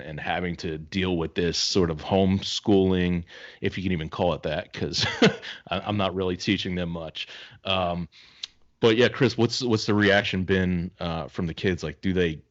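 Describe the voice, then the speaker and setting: Deep-voiced man hosting a casual podcast. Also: steady tone, moderate pace, highs cut off. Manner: rambling, anecdotal storyteller. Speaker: podcast co-host. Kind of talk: casual chat.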